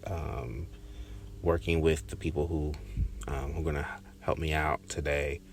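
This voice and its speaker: Deep gravelly man musing aloud. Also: flat delivery, slight background noise. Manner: reflective, halting, with many restarts and fillers. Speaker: podcast host. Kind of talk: casual personal storytelling.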